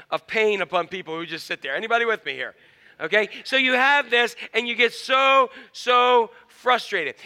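A man's voice: high voice, clear, resonant tone. A male pastor, preaching a playful, conversational sermon and acting out honks and quoted voices. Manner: animated, playful, acts out honking and quoted voices. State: tired.

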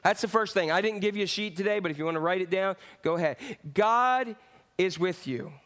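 During a sermon, a pastor with a fairly high, animated voice preaches at a fairly quick pace. He calls out to the congregation, then drops into quiet, reflective moments as he works through scripture, swinging between loud and hushed.

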